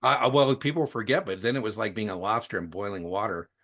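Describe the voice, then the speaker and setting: A man's voice: fairly low pitch, quick pace, a bit bright. A middle-aged man telling long, rambling anecdotes in casual chat, with many restarts and fillers. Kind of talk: casual storytelling.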